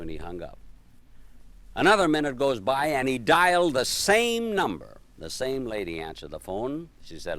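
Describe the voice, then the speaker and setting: A comedian telling a joke story in a halting, hesitant way, full of fillers and pauses. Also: male voice, medium pitch, wildly swooping pitch, a bit bright, no echo.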